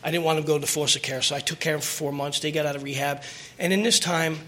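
A man's voice: fairly high pitch, little pitch movement, rapid-fire, bright, forceful tone. A middle-aged man telling his personal recovery story at a meeting, earnest and emotional, rambling with restarts.

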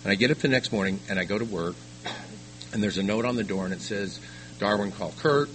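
An older man giving a personal testimony at a recovery meeting, telling his story haltingly with frequent restarts. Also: on the low side, a bit bright, slight background noise, poor audio. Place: meeting room.

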